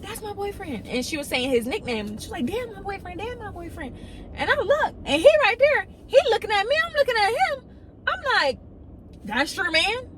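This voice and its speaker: A woman's voice: slight background noise, low-quality recording. A young woman, telling a story casually and acting out the people in it. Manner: animated storytelling, quoting others in excited high voices.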